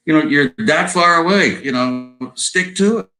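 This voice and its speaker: The audio is poor, but this roughly seventy-year-old American guest musician from Southern California comes through with a slightly high, bright, forceful voice at normal speed. He rambles in a casual interview over video call, tagging lines with "you know" and "right?".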